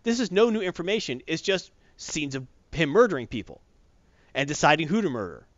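Sarcastic male reviewer with a slightly high, animated voice, dry lo-fi recording. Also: brisk, no room sound. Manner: exasperated, sarcastic, rambling. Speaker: comic book reviewer. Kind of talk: casual opinionated review chat. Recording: dull, lo-fi, dry.

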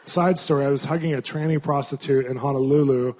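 A man, a Christian minister, telling stories in a sermon in an animated, conversational way. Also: mid-range voice, fast talker. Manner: animated, conversational storytelling with frequent laughs. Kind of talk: storytelling sermon.

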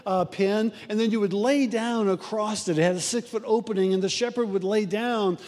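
High-voiced man preaching in a reverberant hall. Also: fairly even intonation, normal speed, darkish tone. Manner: conversational preaching with frequent fillers and restarts. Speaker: pastor. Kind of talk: sermon.

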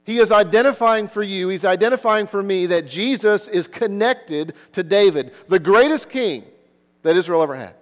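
A man's voice: high voice, animated, normal speed, big-room sound. A man preaching a sermon, earnest, who keeps asking the listeners rhetorical questions. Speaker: pastor.

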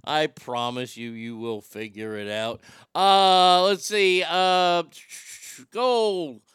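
A man with a high, bright voice hosts a loose, jokey live show. He reads out messages from viewers and answers each one with a wisecrack. The sound is clean, dry and close. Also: takes it slowly, clean tone, no echo. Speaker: show host reading chat messages. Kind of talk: casual live-show chat.

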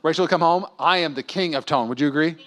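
A man in his thirties preaching a sermon as pastor, animated and acting out quoted voices. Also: fairly high pitch, fast talker, noisy background.

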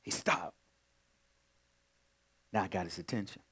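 A male pastor preaching in a conversational way, moving from quiet storytelling to loud, emphatic points. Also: sits low, unhurried, breathy edge. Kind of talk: sermon.

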